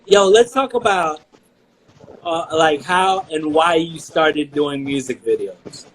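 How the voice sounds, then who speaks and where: Laid-back male host, high voice. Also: slow pace, low-quality recording. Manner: laid-back, slangy, brief affirmations. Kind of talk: casual interview chat. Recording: background noise.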